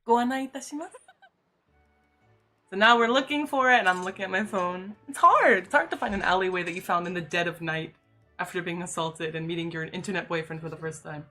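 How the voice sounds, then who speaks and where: With faint music in the background, a woman streamer tells a personal story fast, her fairly low voice bright and forceful. The chat is casual and loose, and she leans constantly on "like," along with "you know."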